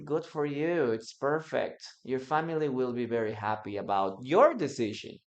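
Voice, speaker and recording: In a casual bilingual lesson, an English teacher from Peru with a mid-range voice performs brief example dialogues and frequently tags her explanations with "no?". The recording is lo-fi and a little dull.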